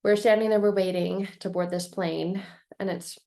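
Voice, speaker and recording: A woman speaks in a lowish voice with a gravelly edge. She recounts a painful personal story for her vlog, candid and emotional, often restarting her sentences as she goes. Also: steady tone, moderate pace, mellow. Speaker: vlogger sharing a personal story.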